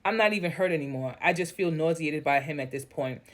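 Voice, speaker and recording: A deep-voiced woman reads an online post out loud at a brisk pace. She regularly breaks away to offer blunt, candid opinions, cursing freely along the way.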